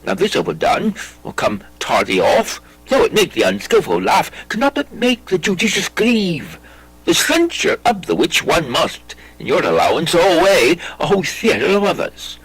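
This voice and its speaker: A man reading a classic play aloud, voicing a brooding, intense young prince with lively theatrical delivery. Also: a little high, moderate pace, husky, dry recording, faint music behind, exaggerated voice, low-quality recording. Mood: instructing. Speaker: audiobook reader.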